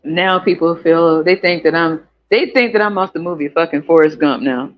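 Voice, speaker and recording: A man with an American country accent hosting a casual livestream chat, animated and profane, laughing often and jumping into high squeals. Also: normal speed. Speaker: podcast host. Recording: dull lo-fi audio with faint music.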